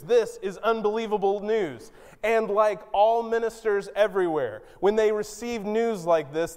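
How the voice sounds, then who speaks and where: A man preaching a sermon, unhurried and deliberate, with a smooth, resonant voice. His voice rings with a long reverb, as in a big church hall. When he quotes someone, he jumps to sudden high, loud outbursts. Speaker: pastor.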